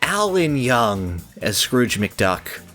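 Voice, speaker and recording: An enthusiastic co-host chatting casually on a podcast, praising a favorite show. The voice swings widely in pitch and breaks into laughter often. Faint music sits in the background. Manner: gushing, excitable, quick bursts and laughter. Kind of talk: casual chat.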